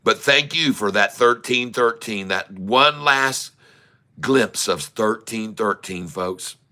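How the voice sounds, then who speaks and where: A middle-aged man streams his day-trading live, teasing and pleading with the market makers. He drags his words out slowly, and his voice is bright and cutting. The tone stays smooth and clean throughout. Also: lowish voice. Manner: excitable, taunting, drawls numbers, talks to the market.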